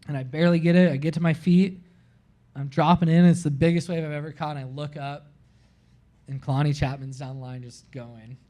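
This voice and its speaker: Casting note: man from Florida, somewhat higher voice, animated live-podcast storyteller, says "like" constantly. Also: a little fast. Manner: animated, heavy use of "like", acts out his own quotes. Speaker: podcast guest.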